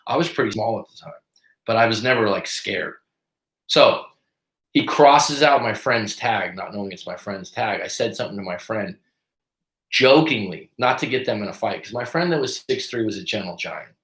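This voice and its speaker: A man's voice: fairly low pitch, moderate pace, reverberant. A man hosting a live stream as a coach, telling a story in a casual, profane way and acting out the lines of the people in it. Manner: profane, animated storyteller who acts out quotes.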